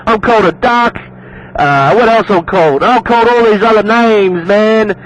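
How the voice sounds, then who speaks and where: An Australian man talks over long-distance CB radio with a high voice and a light hiss of static behind him. He loops back on the same phrases and tosses in "man" at the end of almost every line. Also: normal speed, fairly bright tone, lo-fi sound. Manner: repetitive, calls everyone man. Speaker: CB radio operator. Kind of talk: casual CB radio chat. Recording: noisy radio skip.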